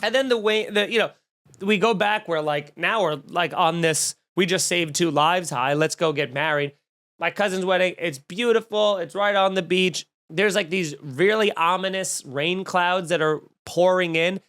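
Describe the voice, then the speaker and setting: A man with a high-pitched voice, talking at normal speed, hosts a comedy podcast and spins a wild story. He's animated and profane, acting out the voices and quotes in what amounts to a comic storytelling rant.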